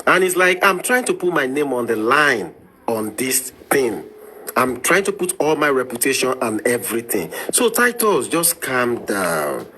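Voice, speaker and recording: A Nigerian man with a Yoruba accent speaks in a mid-pitched voice, sincere and pleading as he defends a friend. His tone is bright and edgy. A faint hiss runs underneath. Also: expressive, moderate pace. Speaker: participant in a live audio chat. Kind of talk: earnest casual talk.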